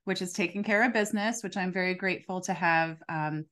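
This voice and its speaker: A woman's voice: lowish voice, fairly quick, a bit bright. A woman hosting a podcast interview, asking her guest encouraging questions in a casual way. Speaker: podcast host.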